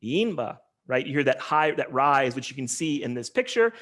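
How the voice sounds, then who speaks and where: A man's voice: mid-range voice, sing-song, a little fast, fairly bright tone. A male linguistics lecturer giving an online talk, explaining step by step with many ums, uhs and restarts.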